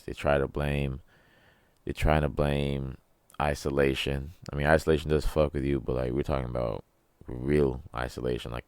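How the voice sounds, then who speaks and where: A man with an extremely deep, gravelly voice rambles through a casual solo rant, loose and joking, cursing freely. The sound is dry and close, with no room around it. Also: no room sound. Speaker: podcast host.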